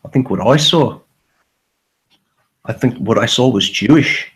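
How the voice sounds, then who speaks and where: A man's voice: mid-range voice, unhurried, pauses often, a bit bright, breathy edge, low-quality recording. A man hosting a casual livestream, rambling and profane, often repeating himself. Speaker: livestream host.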